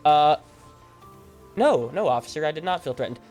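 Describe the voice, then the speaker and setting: A young man streaming a game, telling a long story in a rambling, animated way with lots of fillers and restarts. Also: fairly high pitch, quick pace, soft background music. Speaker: gaming streamer. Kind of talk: casual storytelling over gameplay. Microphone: desk microphone at a gaming setup.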